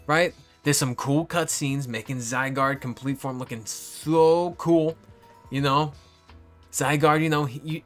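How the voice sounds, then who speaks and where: A young man in casual, rambling game commentary, swearing often and turning loud and exasperated as he vents. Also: a little high. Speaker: video game reviewer.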